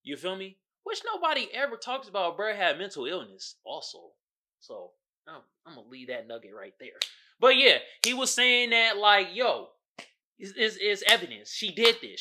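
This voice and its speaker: Young male podcast host, high and sharp-toned, slangy and excitable, swings from mumbling to shouting. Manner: animated, swings from mutters to loud outbursts; heavy slang and fillers, quotes others in character. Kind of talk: casual commentary.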